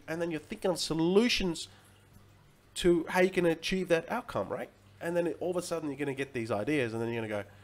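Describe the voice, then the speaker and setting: A man hosting his own livestream, delivering a motivational monologue with emphatic repetition and frequent "right?" checks. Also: fairly high pitch. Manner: swings between loud peaks and quiet drops. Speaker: crypto livestream host.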